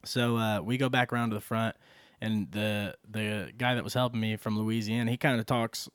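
A man's voice: on the low side, moderate pace, clear, resonant tone, dry recording. A man co-hosting a podcast, telling a work story in casual chat with lots of swearing. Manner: animated, profane storyteller who acts out quotes. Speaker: podcast co-host.

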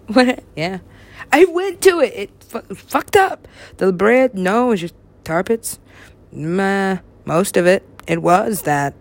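Slow gravelly young woman rambling. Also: low voice. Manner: rambling, profane, talks to herself, drops to whispers. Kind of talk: rambling solo talk.

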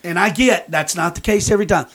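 A man's voice: high voice, fast, a bit bright, husky. Guy on a podcast ranting, swears a lot, blunt and fired up. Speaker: podcast host. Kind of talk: casual chat.

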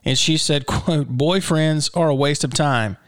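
A man's voice: on the high side, unhurried, no echo, clean studio sound. Chuckling jokey male podcast host. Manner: chuckling, jokey, rhetorical asides. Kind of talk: casual comic podcast chat, reading odd news.

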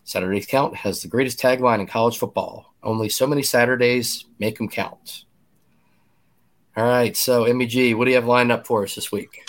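A man's voice: medium pitch, steady tone. Chatty man in his fifties hosting a podcast. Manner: conversational, restarts and quick asides. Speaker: podcast host. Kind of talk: casual podcast chat.

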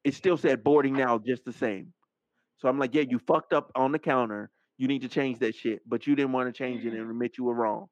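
A man hosting a podcast, telling a story as a casual rant, animated and profane, acting out the other people's lines. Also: mid-range voice, fairly quick, no room sound. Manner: animated, profane, acts out quoted dialogue. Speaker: podcast host. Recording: dull, dry lo-fi mic sound.

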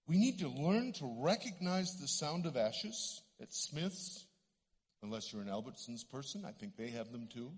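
A man's voice: medium pitch, moderate pace, husky. A middle-aged Canadian man preaching a sermon in a church sanctuary, telling stories and acting out the voices in them. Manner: animated storytelling, acts out voices. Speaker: guest preacher. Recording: long church hall reverb.

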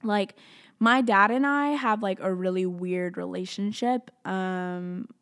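A woman's voice: mid-range voice, slow, a bit bright. Young woman, vlogger; open, emotional storytelling with many fillers. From outside the US. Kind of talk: personal storytelling to camera.

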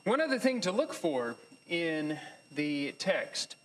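A man teaching a Bible class in a thoughtful, halting way, with many pauses, fillers and restarts. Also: on the high side, big pitch swings, a little hiss or hum, low-quality recording. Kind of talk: lecture.

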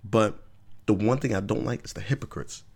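A man's voice: fairly low pitch, normal speed, darkish tone, breathy edge. A man hosting his own vlog, giving casual opinion commentary in an emphatic, rambling way with frequent rhetorical check-ins. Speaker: vlog host.

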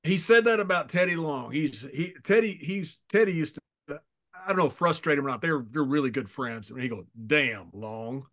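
A man's voice: fairly high pitch, expressive, brisk, a bit bright. Chuckling man in his fifties, storytelling. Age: 50s. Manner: chuckles often and repeats words as he tells stories. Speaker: guest. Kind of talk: casual storytelling.

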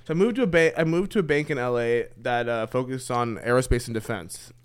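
A man's voice: medium pitch, brisk, clear, resonant tone. A young man, a podcast guest, chatting casually and telling a story with many "like" fillers. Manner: filler-heavy, says "like" constantly, animated storytelling. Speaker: poker player guest.

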